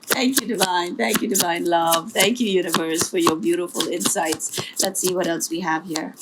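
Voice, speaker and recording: A woman's voice: lowish voice, steady tone, moderate pace, heavy background noise. A woman giving a tarot reading as a spiritual coach, speaking earnestly and encouragingly, often repeating herself and adding asides.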